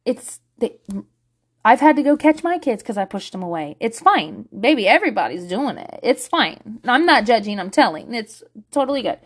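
A middle-aged woman with a slightly high voice talks straight to her viewers in a candid, unscripted monologue. She is blunt and swears freely, scattering filler words as she goes. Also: sing-song, normal speed. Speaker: parent vlogger.

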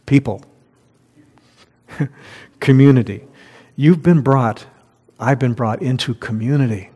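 A man's voice: medium pitch, slow pace, mellow, husky. A man preaching a conversational sermon as pastor, reading scripture aloud and laughing at his own slips. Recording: long hall reverb.

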